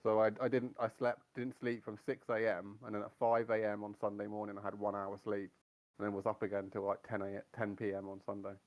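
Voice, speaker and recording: A man's voice: on the low side, level tone, quick pace, lo-fi sound. A man chatting as a sim racing teammate, rambling and blunt, swearing freely. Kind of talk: casual chat.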